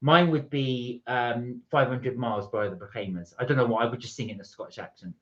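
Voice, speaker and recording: A man's voice: mid-range voice, steady tone, fairly quick, a bit bright. A man co-hosting a live stream, chatting casually and reading viewer comments aloud. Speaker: livestream co-host. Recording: dull lo-fi stream audio.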